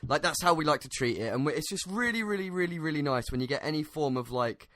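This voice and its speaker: A man's voice: a little high, expressive, quick pace, a bit bright, dry recording. A man hosting a gaming podcast, laid-back and rambling, often laughing. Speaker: podcast host. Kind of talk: casual chat.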